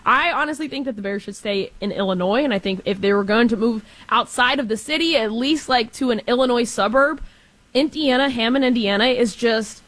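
Woman co-host, somewhat high voice, chatty and teasing, casual sports chat. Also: a little fast, a bit bright, dry recording.

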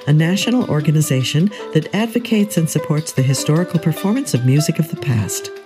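A woman reads the closing credits of a public radio music show in a measured, articulate announcing voice. Her pitch moves up and down a lot, and clear instrumental music plays underneath. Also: animated. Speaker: radio host. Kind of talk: scripted radio outro. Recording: studio voice over music.

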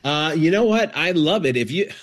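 Lively-voiced man chatting with many restarts. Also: on the high side, normal speed. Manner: chatty, laughing, frequent fillers and restarts. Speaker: guest actor. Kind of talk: casual interview conversation.

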